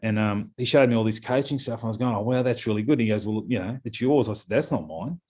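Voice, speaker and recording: A man's voice: fairly low pitch, fast, a little mellow. A middle-aged Australian man, a scrum coach talking in a casual podcast interview, rambling with lots of fillers and repeated words.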